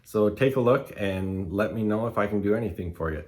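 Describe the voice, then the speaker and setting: A man's voice: on the low side, fairly quick, a little mellow. A man hosting a business podcast, thanking his guest and giving a friendly, upbeat sign-off to listeners. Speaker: podcast host, business coach. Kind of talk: casual interview and scripted outro.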